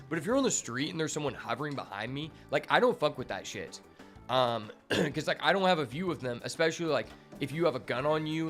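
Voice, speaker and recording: Casually narrating his card game stream, a young man wanders from thought to thought, swearing freely and using many fillers. His voice is a little high with a fairly bright tone.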